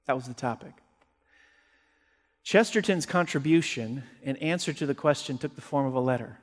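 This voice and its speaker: Emphatic male pastor in a reverberant hall. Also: moderate pace. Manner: emphatic, rising to forceful peaks and dropping low. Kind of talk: sermon.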